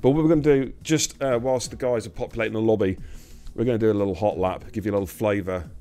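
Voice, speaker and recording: A man calls a sim race with a fairly low voice that keeps jumping into excited shouts and repeated phrases. Faint music plays behind him as he commentates. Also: fast talker. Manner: excitable, repeats phrases when action peaks. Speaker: sim racing commentator and host.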